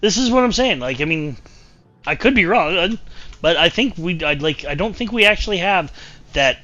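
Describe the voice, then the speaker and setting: A man's voice: sits high, animated, normal speed, sharp tone, highs cut off. A man streaming a game and chatting casually, rambling and repeating himself as he talks. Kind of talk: casual gameplay chat.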